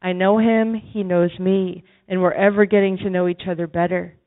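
A woman's voice: fairly low pitch, level tone, normal speed. A woman preaches with impassioned, pleading fervor. Her voice comes through thin and boxy, like a phone line. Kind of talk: sermon. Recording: phone-like narrow sound.

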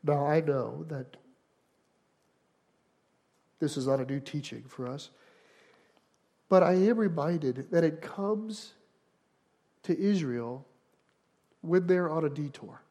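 High-voiced male pastor preaching. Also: animated, takes it slowly, long pauses. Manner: builds to emphatic, louder passages then drops to quiet prayer; earnest, repeats phrases for emphasis. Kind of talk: sermon.

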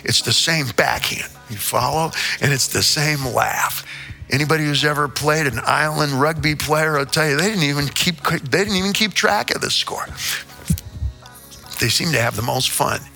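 An older man in his sixties tells stories as a guest in a casual interview. His voice is very bright and sharp, and he talks in a flamboyant, theatrical way, full of wordplay and cheeky swearing. Faint music plays underneath. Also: a little high, moderate pace, gravelly. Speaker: interview guest, rock singer.

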